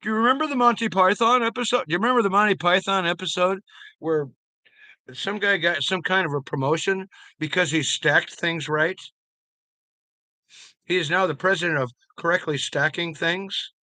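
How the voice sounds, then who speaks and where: A man's voice: a little high, moderate pace, pushed and bright, no echo. A man streaming live, chatting loosely with viewers, rambling and swearing freely. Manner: rambling, profane, talks to chat by name. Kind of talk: casual live-stream chat.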